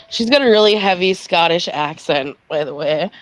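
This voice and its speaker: A player in a tabletop role-play game, narrating their character slowly with frequent laughs and fillers. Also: medium pitch, expressive, a bit bright, dry recording. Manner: giggly, slow with fillers.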